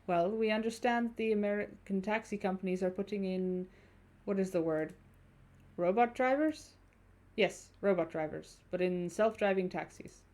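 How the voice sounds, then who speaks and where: A woman's voice: medium pitch, expressive, normal speed, darkish tone. A woman voicing a stiff, formal male tourist passenger in a game, with a half-hearted German accent and clipped, probing speech. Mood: explaining.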